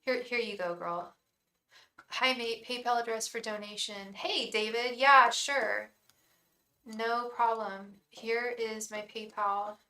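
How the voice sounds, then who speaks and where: Chatty woman tarot reader, bright voice. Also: fairly high pitch, fairly even intonation, slow, reverberant. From England. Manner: chatty and effusive, greeting viewers by name, frequent ums and restarts. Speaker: tarot reader hosting a live stream. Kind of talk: casual live-stream chat.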